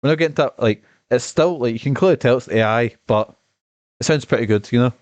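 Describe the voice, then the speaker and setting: A man streaming and chatting about a game he has just finished, rambling and swearing with lots of excitement. His voice sits at an ordinary mid pitch and has a slight cough. The sound is close and dry. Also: brisk, no echo, muffled recording. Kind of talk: casual gaming stream commentary.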